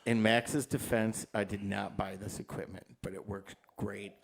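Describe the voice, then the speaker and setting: A man's voice: lowish voice, flat delivery, normal speed, creaky, slight background noise. A man co-hosting a casual podcast, dropping dry, teasing remarks. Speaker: podcast co-host. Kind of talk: casual chat.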